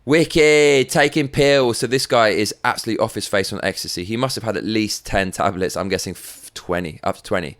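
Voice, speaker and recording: A man's voice: deep voice, fast talker, hardly any pauses, a bit bright. An English man hosting his own show, delivering sweary, sarcastic commentary on the week's news. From England. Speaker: show host. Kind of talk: ranting commentary.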